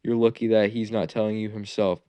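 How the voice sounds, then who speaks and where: A man's voice: lowish voice, little pitch movement, a little fast, mellow, smooth, no room sound, close to an everyday voice. A man voicing a scheming, treacherous male ninja teacher who taunts and gloats, in a fan-made anime story. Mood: taunting.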